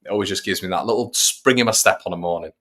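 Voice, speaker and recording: A man hosts a fan stream and talks the match through play by play. His voice sits on the low side, and he keeps his tone relaxed and chatty. He breaks off the commentary to answer viewers. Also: quick pace. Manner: chatty, reads out viewers' messages between play-by-play. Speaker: fan channel host. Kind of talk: live watch-along match commentary.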